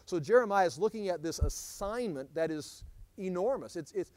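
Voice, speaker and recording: A middle-aged man, teaching a Bible study in an animated way, often restarting his sentences. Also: high voice, normal speed, no echo. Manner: animated, acts out scripture quotes, frequent restarts.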